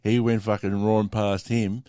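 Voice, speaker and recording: A man's voice: lowish voice, flat delivery, normal speed, dark tone, a little hiss or hum. An Australian man hosting a podcast, telling a story in a casual, sweary way and laughing along. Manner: swears often, laughs through his story. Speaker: podcast host.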